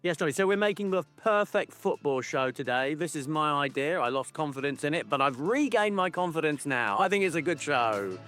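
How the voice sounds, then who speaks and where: A man's voice: fairly high pitch, animated, fairly quick, few pauses, fairly bright tone, faint music behind. Teasing, rambling male podcast co-host. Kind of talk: casual chat.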